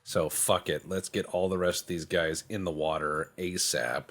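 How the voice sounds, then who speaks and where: This low-pitched male voice has a fairly bright tone and fairly even intonation. He hosts a gaming channel and gives casual let's-play commentary, joking, cursing and poking fun at himself, with brief goofy voices for other countries.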